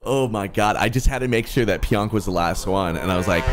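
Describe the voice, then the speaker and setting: A man chatting casually with friends over a game, excitable and swearing, sometimes shouting. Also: fairly low pitch, brisk, music in the background. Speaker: streamer playing a social deduction game. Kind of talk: casual gaming chat with friends.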